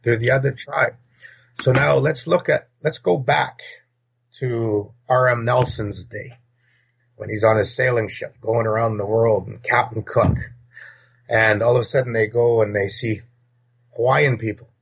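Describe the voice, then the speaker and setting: A gravelly man from North America holds forth as a podcast guest, blunt and rambling as he jumps from point to point. His voice is rough and husky, and the lo-fi recording sounds dull. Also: mid-range voice, fairly even intonation, measured pace. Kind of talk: casual opinionated talk.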